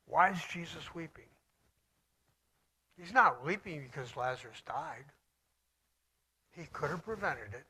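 A man preaching a sermon, reading scripture slowly and solemnly and swinging between loud declaiming and hushed near-whispers. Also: a little high, lively intonation, slight background noise.

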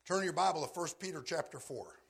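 A man preaching a sermon, shifting between loud shouted re-enactments of scripture figures and low, quiet appeals to his listeners. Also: a little fast, vocal fry, slightly rough. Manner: swings from loud shouted acted quotes to low quiet asides. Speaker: pastor.

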